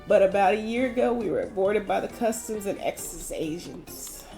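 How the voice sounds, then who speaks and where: A woman's voice: medium pitch, normal speed, warm tone, soft background music, close to an everyday voice. A woman putting on a Southern pirate man. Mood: boastful. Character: gruff male pirate sailor, boastful, rowdy.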